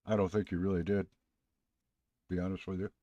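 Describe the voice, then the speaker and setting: Man, live stream host, low voice, folksy and rambling, dull dry lo-fi audio. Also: level tone, normal speed, dark tone, dry recording. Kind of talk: casual live stream chat.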